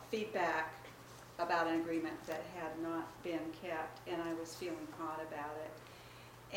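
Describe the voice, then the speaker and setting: A woman slowly works through a thoughtful question, pausing and hesitating as she goes. Her voice is on the low side and comes from well away from the mic. The room around her is echoey, with faint ambience. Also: a bit bright, far from the mic, slight background noise. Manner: hesitant, thoughtful, many fillers. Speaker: student asking a question.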